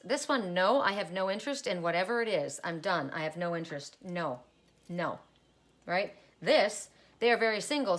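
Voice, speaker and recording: A woman's voice: medium pitch, a bit bright. A middle-aged woman giving a solo oracle card reading, musing aloud and repeating card messages in rambling asides.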